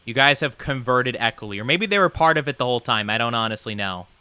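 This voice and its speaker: Playful, bright-voiced male game streamer. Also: mid-range voice, expressive, quick pace, clear, resonant tone, no room sound. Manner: playful, flustered denials when chat teases. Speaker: VTuber streamer. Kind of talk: live gameplay stream commentary, reading chat.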